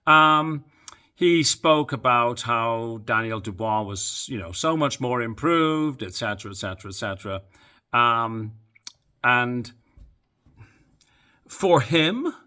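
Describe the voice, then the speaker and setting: A man talking through a boxing press conference in a casual solo monologue, opinionated and openly sarcastic. He speaks slowly, pausing on ums and restarting sentences. His voice is bright and forward, at a middle pitch. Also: smooth. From Canada. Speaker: boxing commentator.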